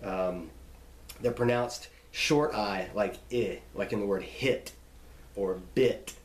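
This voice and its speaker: A man's voice: fairly low pitch, takes it slowly, reverberant. A man, a Bible teacher, casually explaining pronunciation rules, restarting phrases as he thinks aloud.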